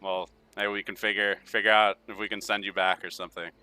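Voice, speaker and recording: A man voicing a weary, practical noblewoman who speaks softly and apologetically. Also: lowish voice, level tone, fast, clean tone, voice pushed down. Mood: soothing.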